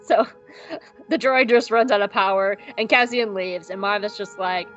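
A young adult woman co-hosting a podcast, recapping an episode in a casual, joking way and acting out characters in quick voices. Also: fairly high pitch, a bit bright, muffled recording, soft background music. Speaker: podcast co-host.

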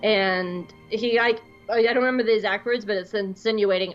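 A woman co-hosting a podcast, telling a story in a casual, excitable, gushing way. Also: mid-range voice, normal speed, highs cut off, faint music behind. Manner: excitable, gushing, breaks into squeals. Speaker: podcast co-host.

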